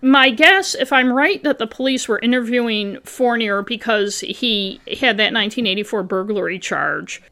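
A woman in her fifties with a bright, forceful, fairly high voice walks through a true-crime case. She reads her notes, then breaks off for wry, blunt asides that mock the police work. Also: normal speed, hardly any pauses. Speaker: podcast co-host. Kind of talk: reading a true-crime case aloud with commentary.

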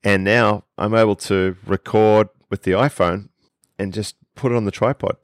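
A man's voice: on the low side, fairly even intonation, normal speed, no room sound, studio quality. A man with an Australian accent, a podcast guest explaining things with enthusiasm in casual conversation.

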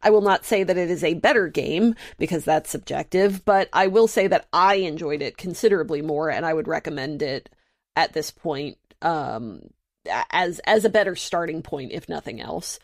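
A woman's voice: sits low, moderate pace, darkish tone, no echo, clean studio sound. A woman co-hosting a podcast, talking casually and a little hesitantly, often restarting her sentences. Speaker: podcast co-host.

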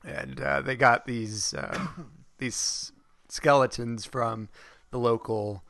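A man's voice: medium pitch, steady tone, slow pace, vocal fry, fairly bright tone, dry recording, studio quality. A man co-hosting a casual live chat, talking hesitantly with many fillers. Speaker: podcast co-host.

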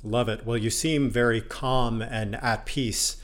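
A man's voice: medium pitch, steady tone, measured pace. A man hosting a podcast interview, speaking in an appreciative and encouraging way. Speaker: podcast host.

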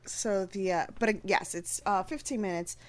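A woman's voice: mid-range voice, normal speed. A woman co-hosting a casual podcast, reading notes aloud with stumbles and fillers. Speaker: podcast co-host.

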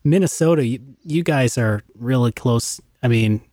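A man's voice: mid-range voice, moderate pace, mellow, no echo, clean studio sound. A man hosting a podcast, asking rambling, easygoing questions in casual chat. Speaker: podcast host.

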